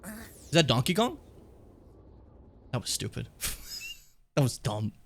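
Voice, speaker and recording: A man's voice: mid-range voice, sing-song, slow pace, vocal fry, fairly bright tone, a little hiss or hum. A young man streaming a video game, rambling casually and swearing often. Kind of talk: let's play commentary.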